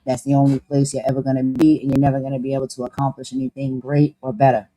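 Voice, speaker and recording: A woman's voice: very deep voice, level tone, fast talker, dark tone, low-quality recording. A woman host with a New Jersey accent, talking in a blunt, sassy, slang-heavy way. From Camden, New Jersey. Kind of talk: casual chat.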